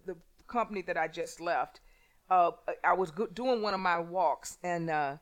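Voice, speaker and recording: A woman in casual conversation, telling workplace stories with many restarts and halting phrases. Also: lowish voice. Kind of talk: conversational storytelling.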